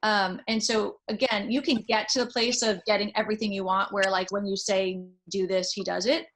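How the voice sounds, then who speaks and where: A woman's voice: mid-range voice, level tone, moderate pace, a bit bright, a little hiss or hum, low-quality recording. A woman psychologist talks a parent through a problem in a careful, coaching manner. Her voice sits in an ordinary middle register as she chooses her words with care. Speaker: child psychologist advising a parent. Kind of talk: supportive advice.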